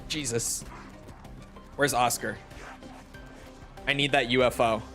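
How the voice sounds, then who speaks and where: A man's voice: mid-range voice, steady tone, measured pace, pushed and bright, soft background music. A man giving casual gameplay commentary, chatty and rambling, often correcting himself mid-sentence. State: has the hiccups. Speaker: gaming streamer.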